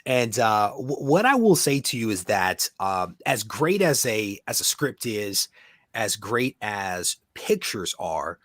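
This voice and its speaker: A man hosting a casual comics interview over a video call, animated, often repeating words and laughing. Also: fairly low pitch, slow, dry recording, studio quality. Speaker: podcast host.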